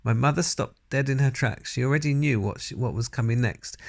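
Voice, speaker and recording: A man reading a children's book aloud in plain, steady narration with brief asides. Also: mid-range voice, fairly quick, dry recording, clean studio sound. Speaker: storybook reader.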